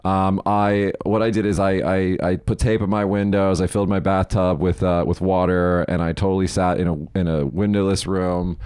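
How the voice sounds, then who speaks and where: Deep-voiced man, casual swearing podcast host. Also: moderate pace, few pauses, clean tone, no echo, studio quality. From Las Vegas, United States. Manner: swears casually, rambling and animated. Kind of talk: casual chat.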